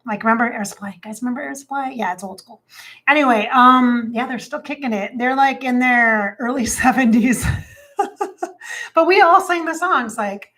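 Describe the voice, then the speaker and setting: Host, woman, late forties, chatty and bubbly, sings bits between talk, slightly high voice. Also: moderate pace, fairly bright tone. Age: 40s. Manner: chatty and bubbly, breaks into singing. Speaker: psychic livestream host. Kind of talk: casual livestream chat.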